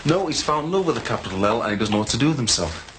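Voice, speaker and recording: A man's voice: medium pitch, big pitch swings, rapid-fire, noisy background, lightly acted. A man playing a thoughtful, musing co-worker. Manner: musing, thoughtful, warm-hearted. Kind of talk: TV soap drama.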